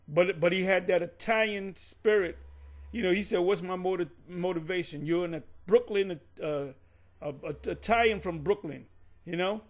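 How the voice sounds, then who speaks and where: A man's voice: high voice, moderate pace. A man teaching from the Bible in a casual, rambling way, often stopping to correct himself and drifting off on side stories. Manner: rambling, digressive, self-correcting.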